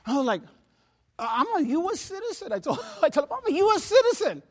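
High-voiced Spanish-accented man preaching. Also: sing-song, fast. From Latin America. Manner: repeats words and restarts, laughs at himself, storytelling. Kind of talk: sermon. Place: church sanctuary.

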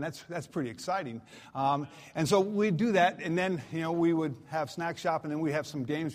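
In a church auditorium's large hall, a man with a slightly high voice preaches as a guest. His sermon mixes scripture reading with homespun stories told conversationally and folksily.

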